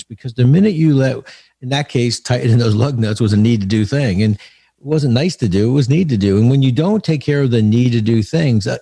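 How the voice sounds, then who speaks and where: A man's voice: medium pitch, dark tone, dry recording, clean studio sound. A man being interviewed about leadership, earnest, telling stories with frequent restarts. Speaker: author and leadership speaker, guest. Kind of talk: conversational podcast interview.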